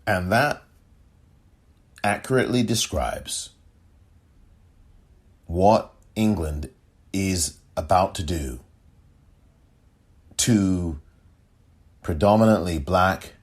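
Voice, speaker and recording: Male podcast host, political commentary, very low pitch, slow deliberate emphatic delivery, indignant. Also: lively intonation, husky.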